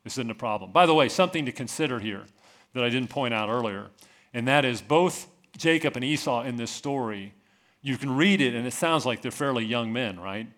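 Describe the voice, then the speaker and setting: A man preaching a sermon in a relaxed, conversational tone. His voice sits at an ordinary middle pitch. He explains as he goes and keeps checking in with rhetorical questions. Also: moderate pace. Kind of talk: sermon teaching.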